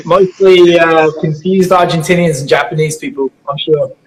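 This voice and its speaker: A man joining a casual live chat as a guest, relaxed and quick to laugh. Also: fairly high pitch, poor audio.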